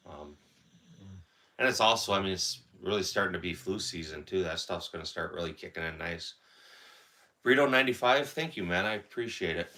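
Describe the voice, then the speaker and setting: A man's voice: sits low, a little fast, pushed and bright. A man from Wisconsin with a Wisconsin accent, congested and with a sore throat, chatting casually on a livestream and reading out viewer comments. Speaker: livestream host. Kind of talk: casual live-stream chat.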